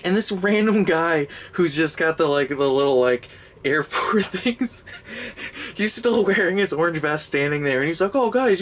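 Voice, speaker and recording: A man's voice: a little high, a bit bright. Sarcastic young man ranting casually. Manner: sarcastic, rambling, swearing. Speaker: movie reviewer. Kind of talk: casual comedic movie review.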